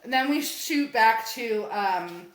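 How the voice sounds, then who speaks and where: A woman's voice: fairly high pitch, slow pace. A woman co-hosting a podcast, casually recapping a comic story, acting out the characters' lines and swearing as she goes. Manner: animated retelling, acting out lines in quotes, swearing. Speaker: podcast co-host. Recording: echoey room.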